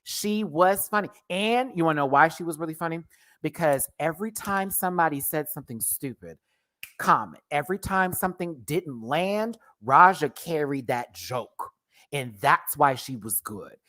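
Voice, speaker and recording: A man's voice: a little high, animated, normal speed, pushed and bright. A man casually reviewing a drag show on a livestream, sassy and slangy, laughing often and playfully exaggerating.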